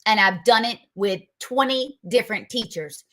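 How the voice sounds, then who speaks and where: Combative woman with a bright voice. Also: fairly high pitch, moderate pace. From North Carolina, US. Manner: combative, emphatic, rhetorical questions. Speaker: political show host. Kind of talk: political commentary.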